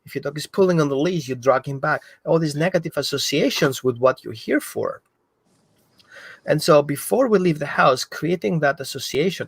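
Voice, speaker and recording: A man explaining dog training in an animated way, acting out what the dog thinks. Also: on the high side, moderate pace, husky, no echo. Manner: animated, acts out the dog's thoughts. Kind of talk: explanatory talk.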